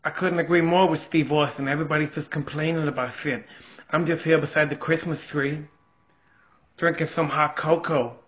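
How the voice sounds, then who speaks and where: A man's voice: steady tone, moderate pace, a bit bright, echoey room, close to an everyday voice. A man impersonating a laid-back, foul-mouthed male fighter who swears in every line. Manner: low, lazy, swearing constantly.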